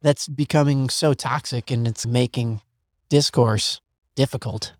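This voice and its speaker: A man's voice: mid-range voice, fairly even intonation, unhurried, darkish tone, dry recording. Thoughtful male podcast host, dry close sound. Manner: thoughtful, searching phrasing with many "like"s. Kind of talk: casual podcast conversation.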